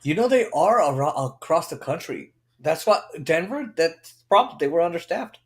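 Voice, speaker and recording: A man co-hosting a casual chat who reacts with quick, incredulous rhetorical questions. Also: fairly high pitch, lively intonation.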